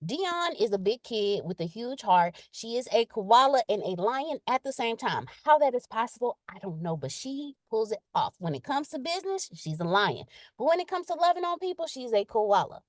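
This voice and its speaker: This woman has a fairly high voice and speaks at normal speed, recorded with studio quality and no room sound. Chatty and direct in a live leadership session, she reads viewer comments aloud with emphatic repetition. It's a casual motivational talk, animated and playful, with quotes acted out in exaggerated voices.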